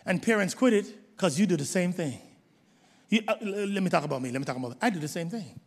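A man preaching a sermon as pastor, emphatic, swinging from shouted exhortations to hushed low asides. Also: lively intonation, quick pace, husky. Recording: long hall reverb.

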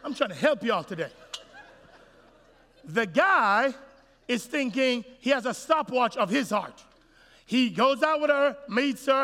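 A male pastor preaching with emphatic, repetitive, animated delivery in a church. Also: very high-pitched, measured pace, long pauses. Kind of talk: sermon. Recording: echoey hall.

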